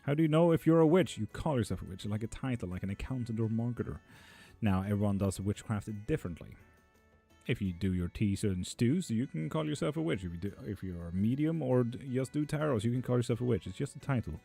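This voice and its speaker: A man's voice: on the low side, animated, a little fast, vocal fry, warm tone, husky, soft background music. A man reading tarot on a live stream, casually reading out chat messages and answering them offhand.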